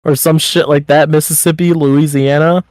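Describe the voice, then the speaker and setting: A man with a slightly raised pitch chats on a casual podcast. He speaks bluntly, swears casually and keeps pressing his friend with pep-talk advice. The sound is close and dry. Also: flat delivery, moderate pace, darkish tone, dry recording, poor audio. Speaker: podcast co-host.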